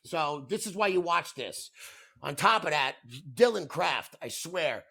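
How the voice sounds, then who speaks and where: Male podcast host, thirties, gravelly, fairly high voice, profane comedic rant. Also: unhurried. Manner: profane, animated storytelling.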